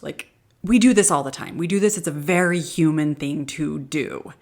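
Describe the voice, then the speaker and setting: Woman podcast host, middle-aged, low-pitched voice, earnest, animated, laughs often. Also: moderate pace. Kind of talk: casual motivational podcast talk.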